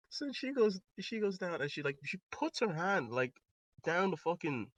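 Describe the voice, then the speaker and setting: A man's voice: high voice, sing-song, measured pace, a bit bright, dry recording. A young man co-hosting a casual podcast, telling a rambling anecdote full of fillers and acted-out quotes, close on a podcast mic. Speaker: podcast co-host. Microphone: close podcast microphone.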